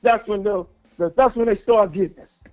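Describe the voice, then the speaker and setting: A high-pitched man rants in anger on a call-in line, profane and fired up, tripping over his own words. His voice comes through dull and lo-fi. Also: normal speed, darkish tone, faint music behind. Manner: angry, profane, repeats himself. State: worked up. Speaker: caller. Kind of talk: heated call-in rant.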